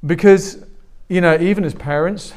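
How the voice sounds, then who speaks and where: Delivering a sermon, a male pastor in his forties tells lively stories and acts out each character's voice. His voice is high, and his speed is normal.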